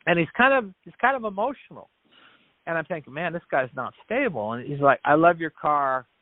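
Over a thin, phone-like connection with no room sound, a business founder on a podcast tells a story in earnest. His voice sits a little high, swings widely in pitch, and moves fairly quickly. He voices the quoted lines himself and frequently restarts or repeats words.

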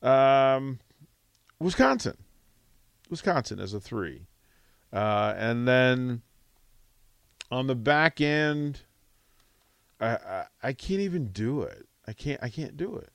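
A man's voice: mid-range voice, very animated, slow pace, long pauses, clear, resonant tone, dry recording. A man co-hosting a sports radio show, talking in casual banter, often stammering and sounding exasperated.

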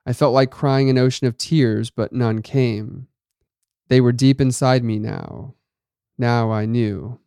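A man reads a first-person story in a measured, dramatic way. His voice is smooth and resonant at a middle pitch. The recording is dry and close. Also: warm tone, no echo. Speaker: narrator.

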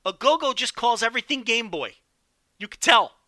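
A man hosting a solo podcast with animated, profane, joking commentary. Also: very high voice, moderate pace, no room sound, studio quality. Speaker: podcast host.

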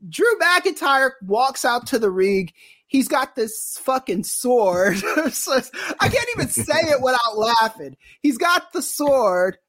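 A man co-hosting a casual wrestling podcast, talking in an animated, opinionated and teasing way. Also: very high voice, slow, no echo, clean studio sound. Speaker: podcast co-host.

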